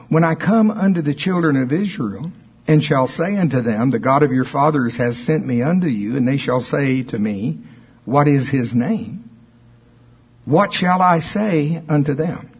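Husky-voiced man teaching a sermon. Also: mid-range voice. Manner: conversational, explaining scripture with asides. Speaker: Bible teacher. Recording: dull lo-fi recording.

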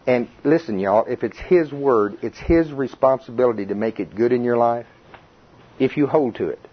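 A man's voice: mid-range voice, normal speed, husky, dull audio. A man preaching an informal sermon, conversational and quizzing the congregation. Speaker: pastor.

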